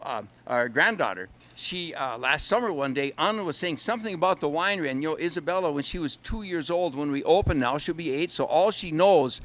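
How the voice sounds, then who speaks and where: With a slightly high, expressive voice, a bit bright, he talks a little fast and hardly pauses. He's an older winery owner from Minnesota, guesting on a casual radio interview, spinning stories and singing a jokey song.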